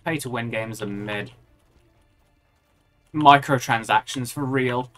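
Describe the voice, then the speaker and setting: A woman's voice: rumbling low, takes it slowly, a bit bright, faint music behind. A woman streaming a video game, reacting aloud and chatting with her viewers as she plays. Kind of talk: live gameplay commentary.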